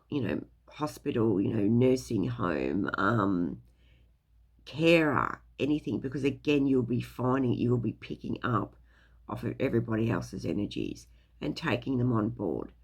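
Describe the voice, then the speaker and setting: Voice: mid-range voice, gravelly, husky. A speaker giving a casual, rambling talk on spiritual topics, full of fillers and loose swearing. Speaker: spiritual teacher.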